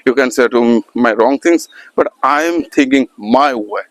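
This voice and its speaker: A man teaching English, speaking haltingly with many pauses and non-native grammar in a casual motivational talk, standing outdoors at a festival ground. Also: mid-range voice, dry recording.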